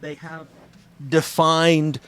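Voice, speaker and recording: A man's voice: fairly high pitch, drawn-out words, clean tone, no room sound. A man co-hosting a casual podcast chat, explaining things animatedly and acting out different tones of voice. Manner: animated, acts out tones and inflections while explaining. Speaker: podcast co-host.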